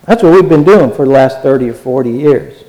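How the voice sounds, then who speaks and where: A man's voice: mid-range voice, animated, brisk, mellow. A man preaching a sermon, earnest and exhortative, and often repeating his phrases. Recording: long hall reverb.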